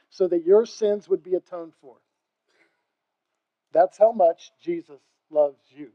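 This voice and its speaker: An older man preaching as pastor, impassioned, swinging between quiet talk and loud emphatic calls. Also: high-pitched, slow pace, pauses often, narrow, tinny audio. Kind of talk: sermon.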